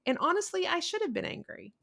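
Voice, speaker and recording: A middle-aged woman, a couples counselor hosting a podcast, telling stories in a candid, animated way. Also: extremely high pitch, fast, vocal fry. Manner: animated storyteller, candid and expressive. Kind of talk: casual conversational podcast.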